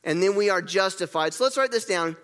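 A man delivers a sermon in a high, bright voice, repeating key words and getting his congregation to join in. The sound carries a long reverb from the church hall around him. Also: a little fast. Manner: lively, repeats key words, leads the congregation in gestures and call-and-response. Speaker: pastor.

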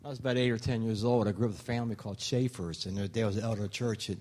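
A man sharing a fond childhood story in a rambling, folksy manner. He talks fast, in a somewhat low voice. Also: steady tone, darkish tone. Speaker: church member sharing a memory. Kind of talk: casual reminiscence.

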